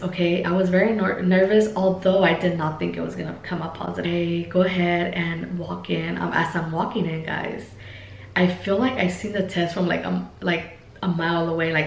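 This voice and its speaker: A woman's voice: lowish voice, gravelly, slight background noise. A young woman telling a personal story to her viewers in a chatty vlog style, full of fillers and talking straight to the audience. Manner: chatty, many fillers, addresses viewers as guys. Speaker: vlogger. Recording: echoey room.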